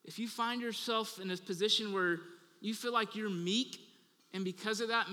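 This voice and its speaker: A man preaching a sermon as pastor, earnest and repetitive, letting his phrases trail off softly at the ends of points. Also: sits high. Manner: talks with children in the audience. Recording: long hall reverb.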